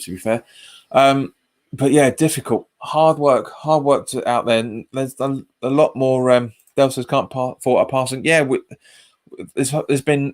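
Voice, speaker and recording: Chatty man hosting a watch-along. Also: medium pitch. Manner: chatty, repeats phrases, reads viewer comments aloud. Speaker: fan channel host. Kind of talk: live match watch-along chat.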